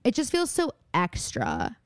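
A woman's voice: medium pitch, huge pitch swings, unhurried, no room sound, studio quality. Chatty young woman podcast co-host. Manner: chatty, rambling, lots of fillers and giggles. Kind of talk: casual chat.

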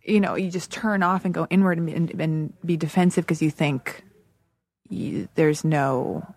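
A woman's voice: sits low, steady tone, unhurried, darkish tone, dry recording. A woman hosting a podcast, talking candidly and emotionally in a casual chat, with frequent swearing and restarts. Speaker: podcast host. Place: Los Angeles.

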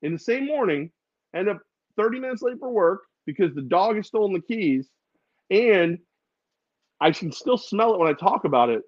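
Podcast co-host dad, animated storyteller, does silly voices, dry slightly muffled mic. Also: male voice, high-pitched, normal speed, no echo. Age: adult with a daughter. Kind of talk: casual chat.

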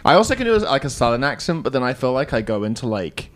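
A man's voice: mid-range voice, fast. A young British man chatting casually as a podcast guest, hesitant and full of "like"s. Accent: British English. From England. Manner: relaxed, hesitant with many "like"s.

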